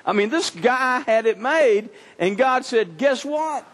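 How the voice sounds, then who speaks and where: A man preaching a sermon, telling a scripture story in an animated way and often repeating words as he restarts. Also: extremely high pitch, unhurried. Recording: long reverb from a hall.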